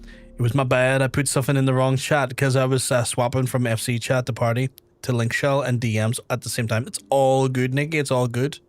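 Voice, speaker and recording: A man's voice: mid-range voice, little pitch movement, brisk, soft background music. A man streaming a game, chatting casually with his viewers, swearing freely and laughing often. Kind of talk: casual live-stream chat.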